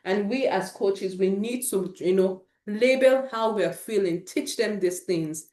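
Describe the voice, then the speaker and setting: A woman at an ordinary mid pitch gives an informal talk to parents, earnest and encouraging as she shares stories from her own home. Her voice rings a little in a roomy, echoey space. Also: unhurried, warm tone. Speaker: host of a parent support session.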